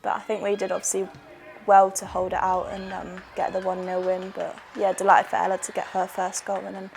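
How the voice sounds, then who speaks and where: A woman footballer giving a measured interview about her team's matches, with frequent pauses and fillers. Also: mid-range voice, monotone, gravelly, darkish tone. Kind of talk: post-match interview reflection. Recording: music bed and crowd noise behind.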